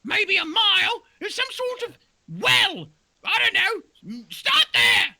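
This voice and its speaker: The game master voicing a coarse, bossy mother doe who shouts and squawks. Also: extremely high pitch, animated, takes it slowly, creaky, pitched above the performer's own voice, exaggerated voice. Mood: brash, shouting.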